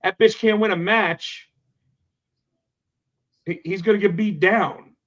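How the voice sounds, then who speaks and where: A man hosting a podcast in casual chat, animated and quick to swear. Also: sits high. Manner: animated, swears, acts out quotes. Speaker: podcast host. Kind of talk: casual chat about pro wrestling. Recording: dull lo-fi sound.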